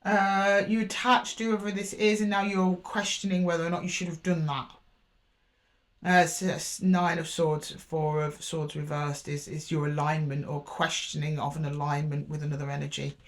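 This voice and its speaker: A woman's voice: low-pitched, little pitch movement, normal speed. Chatty woman reading tarot cards aloud. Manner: thinking aloud, repeating card names as she draws; chatty and reassuring with frequent fillers and self-corrections. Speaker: tarot reader. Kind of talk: casual spoken tarot reading.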